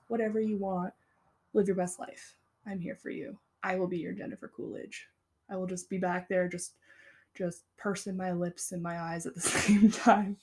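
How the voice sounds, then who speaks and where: A young woman in her twenties talks straight to her listeners in a casual solo podcast, her voice gravelly with fry and mellow in tone. She is impassioned and encouraging and swears freely. For tender asides she drops to a soft, slow whisper. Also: mid-range voice. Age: 20s. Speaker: podcast host.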